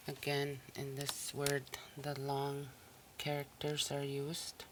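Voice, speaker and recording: A language teacher's medium-pitched voice comes through slowly on a recorded listening lesson, with a little hiss or hum audible. Patient and even in tone, the teacher says every word again and breaks it apart into syllables.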